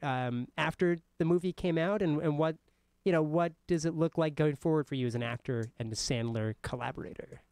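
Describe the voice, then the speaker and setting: A male radio host asks friendly, probing questions in a smooth, clear voice sitting slightly higher than most men's. The studio sound is dry and close. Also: darkish tone, no room sound. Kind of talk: radio interview.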